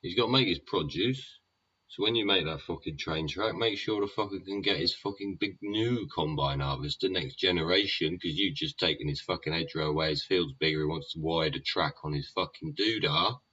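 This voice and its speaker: A man's voice: sits low, a little fast, sharp tone, husky. A man hosting a show, rambling in a sweary monologue full of tag questions like "yeah?" and "wouldn't ya?". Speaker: podcast host. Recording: dull lo-fi recording.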